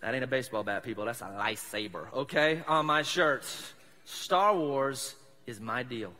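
With lively intonation at a normal pace, this man's mid-range voice sounds pushed and bright. A South Mississippi pastor with a Southern accent, he delivers a chatty, joking sermon that's self-deprecating, and the church sanctuary gives it long hall reverb.

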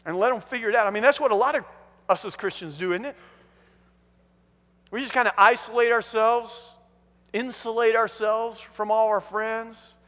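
A male pastor preaching an animated sermon in a church hall. His voice sits very high and forceful, full of restarts. A long reverb rings behind every phrase. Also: moderate pace, pauses often. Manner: animated storytelling, frequent restarts.

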